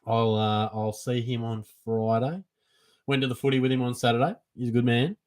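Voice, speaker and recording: A young Australian man hosting a casual live Q&A for a fantasy football stream, chatty and relaxed, calling everyone mate. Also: medium pitch, normal speed. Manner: laid-back and chatty, calls everyone mate. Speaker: fantasy football livestream host. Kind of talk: casual live Q&A, reading chat questions.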